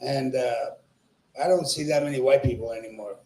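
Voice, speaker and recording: Mid-range and mellow, delivered at a moderate pace. The speaker is an open-mic comedian in a small club, trading in crude, profane jokes, needling the crowd and laughing along with himself, recorded in a room full of echo.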